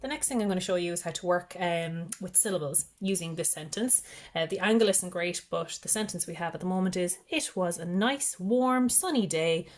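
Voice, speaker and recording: A woman teaching parents a rhyming and syllable activity, explaining step by step and slowly sounding out letters. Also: lowish voice. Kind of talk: instructional demonstration.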